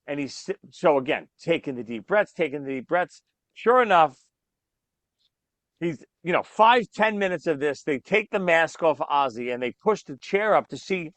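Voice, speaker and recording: A male podcast host in loose, casual chat, spinning stories with gusto. His voice sits a bit high and sounds dry and close. He talks with lively energy. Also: normal speed, no echo. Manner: animated storyteller, acts out quoted voices.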